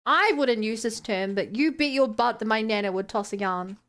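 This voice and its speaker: A woman's voice: a little high, moderate pace, fairly bright tone. A young woman with a New Zealand accent, chatting casually with her stream audience in a playful, incredulous way. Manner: playful, exclaims in disbelief, laughs. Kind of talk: casual stream chat, reading chat.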